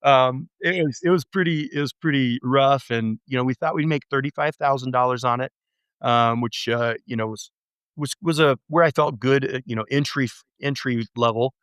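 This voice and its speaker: A man telling his story as an interview guest, halting and restarting often, with lively acted-out quotes. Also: mid-range voice, clear, resonant tone, no room sound, studio quality. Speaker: real estate investor guest.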